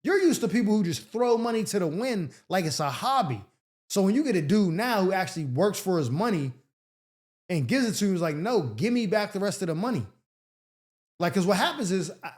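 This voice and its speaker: A man hosting an advice show answers listener letters in a blunt, sarcastic rant. His talk is casual and full of slang and profanity. His voice sits high for a man. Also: lively intonation, brisk.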